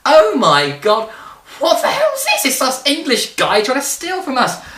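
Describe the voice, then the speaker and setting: A man's voice: huge pitch swings, pushed and bright, heavily acted. A man squealing as panicky Spanish sailors. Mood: panicked. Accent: mock Spanish accent. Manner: shrill, drawn-out exclamations. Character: panicked Spanish sailors, men, frantic and pleading. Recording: roomy, distant mic.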